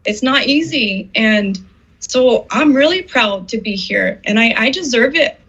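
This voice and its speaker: A woman's voice: fairly high pitch, animated, a little slow, a bit bright, slightly rough. A middle-aged woman being interviewed, telling her personal story in an earnest, emotional way and acting out the words of people she quotes. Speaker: interviewed artist. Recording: slightly dull, muffled audio.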